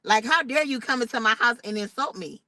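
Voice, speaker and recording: Young black-woman doing storytime, bright voice, real dry close sound, gets loud and animated. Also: fairly high pitch, brisk, dry recording, rough recording. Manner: animated, expressive retelling with outraged quoted asides. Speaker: vlogger. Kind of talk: casual storytime vlog.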